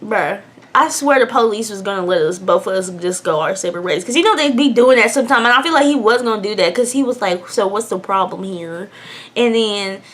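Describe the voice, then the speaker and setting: A young woman telling a personal story in a candid, emotional way, swinging between hushed and loud. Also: mid-range voice, lively intonation, fast. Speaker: vlogger. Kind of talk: storytime vlog.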